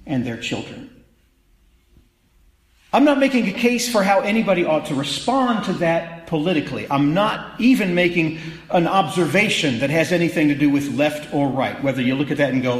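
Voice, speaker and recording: A man's voice: a little high, expressive, moderate pace, roomy sound, rough recording. A man preaching a sermon in a conversational, wry way that builds to emphatic peaks. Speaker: pastor.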